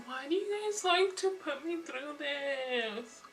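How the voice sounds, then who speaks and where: A young woman vlogging casually to camera, flustered and rushed, laughing at herself. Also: high-pitched, lively intonation, a bit bright, distant mic, faint music behind. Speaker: beauty vlogger.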